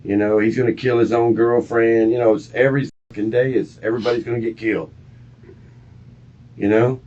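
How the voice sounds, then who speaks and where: Husky man, rambling and distraught. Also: medium pitch, flat delivery, fairly quick, darkish tone. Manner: rambling, profane, agitated. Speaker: murder suspect being interviewed. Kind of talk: police interview testimony. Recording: muffled lo-fi interview recording.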